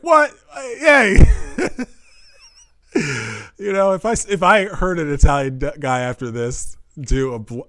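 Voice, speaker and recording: Man, podcast host, casual rambling monologue, profane jokey asides, mid-pitched voice, dry close sound. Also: a bit bright, no room sound.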